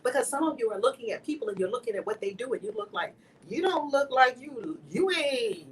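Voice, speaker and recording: A woman's voice: fairly high pitch, lively intonation, brisk, hardly any pauses. Emphatic woman preaching, mic a bit far. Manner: emphatic, preaching cadence, swings from loud exclamations to hushed whispers. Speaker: host of a spiritual video channel. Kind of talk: impassioned spiritual teaching to camera. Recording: somewhat distant mic with faint background noise.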